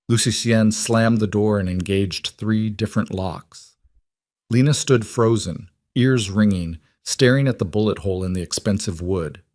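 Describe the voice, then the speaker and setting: Brief: male storyteller, low voice, dry close-miked sound, even scripted narration. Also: no echo.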